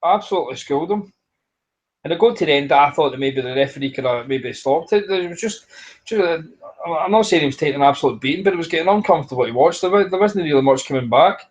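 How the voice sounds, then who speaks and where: A man's voice: a little high, expressive, fast, rough recording. A man co-hosting a podcast, ranting bluntly in casual talk with heavy swearing. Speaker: podcast co-host.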